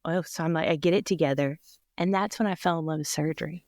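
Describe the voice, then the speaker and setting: A woman in her forties, a surgical technology department chair, telling an animated personal story in a podcast interview and laughing often. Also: low voice, fast, no echo, clean studio sound. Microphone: podcast microphone.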